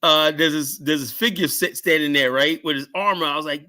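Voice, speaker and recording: A middle-aged man talks through his stories in a loose, rambling podcast chat. His voice sits a bit higher than most men's, and he keeps tossing "right?" and "whatnot" onto the ends of his sentences. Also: fairly quick, few pauses. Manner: rambling storyteller, keeps adding "right?" and "whatnot", shouts out quoted lines. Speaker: guest telling security stories.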